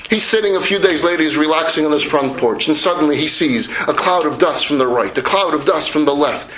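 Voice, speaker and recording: A rabbi telling a parable to a class, lively and animated as he slips into his characters. His voice is high and bright. It carries through a roomy hall with faint noise underneath. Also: brisk. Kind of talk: lecture storytelling.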